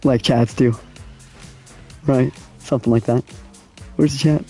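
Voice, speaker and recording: A laid-back young man streams a racing game, giving casual live-stream commentary and chatting with viewers in a slangy way as he races. His mid-range voice is warm and steady, unhurried, with faint music behind him.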